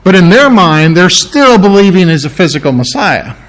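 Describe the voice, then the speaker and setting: A man's voice: sits high, sing-song, normal speed, fairly bright tone. Man preaching a casual sermon. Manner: conversational, with restarts and self-corrections. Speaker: pastor.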